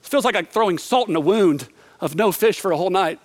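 Fast and animated, this preacher has a high voice and tells a Bible story in a vivid, conversational way. He poses questions to the listener and performs the characters' lines.

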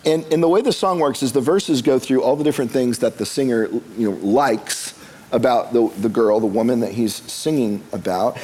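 A male pastor with a lilt delivers a sermon from the front of a church. His tone is conversational and easygoing, mixing plain teaching with light humorous asides. His voice sits at an ordinary middle pitch for a man. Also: expressive, brisk, darkish tone, breathy edge.

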